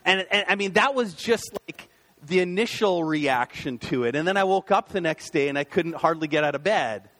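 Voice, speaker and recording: High-voiced male pastor, chatty sermon. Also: lively intonation, normal speed, a bit bright. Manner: conversational, many fillers and restarts, acts out inner voices. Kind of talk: casual sermon.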